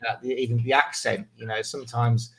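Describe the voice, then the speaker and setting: A man's voice: medium pitch, level tone, fairly quick, vocal fry, fairly bright tone. A man hosting a podcast, chatty and enthusiastic as he asks questions. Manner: enthusiastic, chatty, laughs often. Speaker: podcast host. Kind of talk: casual interview chat.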